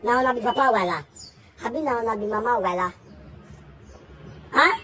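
A woman's voice: fairly high pitch, animated, normal speed, bright, forceful tone, a little hiss or hum. A Nigerian woman giving an emphatic, scolding spoken message, firing off repeated questions. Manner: scolding, defending a friend. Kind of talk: casual spoken message to the camera.

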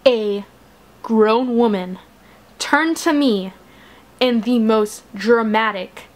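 A teenage girl casually retelling a school story, chatty and animated, acting out the quotes with exasperation. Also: a little high, slow. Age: teens.

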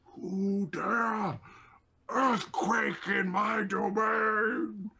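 A man's voice: high-pitched, fairly even intonation, extremely slow, gravelly, pushed and bright, voice pushed up, exaggerated voice. A man voicing a haughty male fey lord of an autumn court who bellows imperious challenges.

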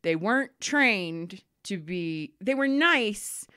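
A woman's voice: medium pitch, slow, clear, resonant tone, dry recording. Chatty woman podcast host, dry close sound. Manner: animated storyteller, swears freely, laughs often. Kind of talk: casual chat, reading listener emails.

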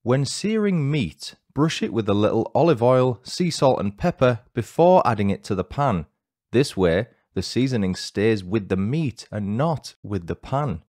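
A man's voice: medium pitch, big pitch swings, measured pace, a little mellow, no echo. A man hosting a true-crime podcast, reading a scripted narration with dry, lightly joking asides. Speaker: podcast host.

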